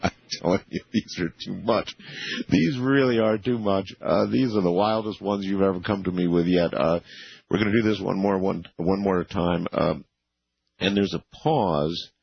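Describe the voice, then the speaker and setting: A man's voice: low-pitched, steady tone, normal speed, gravelly, husky, dry recording, dull audio. A man hosting a radio interview, hesitant and amazed, with many fillers. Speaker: radio show host.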